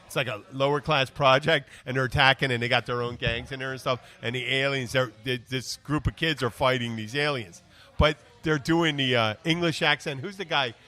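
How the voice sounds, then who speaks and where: A man's voice: medium pitch, fairly even intonation, a little fast, bright, forceful tone. A man with an American accent hosting a podcast in loose, rambling casual chat, swearing and laughing often. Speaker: podcast host.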